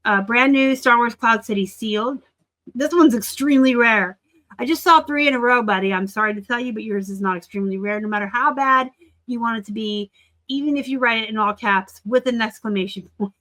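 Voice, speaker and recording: A woman in her forties hosting a reseller channel, chatting casually and excitably as she looks over sold listings. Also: on the high side, brisk. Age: 40s. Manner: chatty and excitable, gushing over items and teasing seller titles. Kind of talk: casual screen-share commentary.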